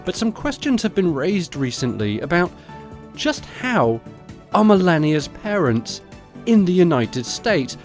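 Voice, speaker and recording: A man's voice: high-pitched, big pitch swings, measured pace, soft background music. A man hosting a solo podcast, commenting on the news in a sarcastic, profane, conversational way. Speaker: podcast host.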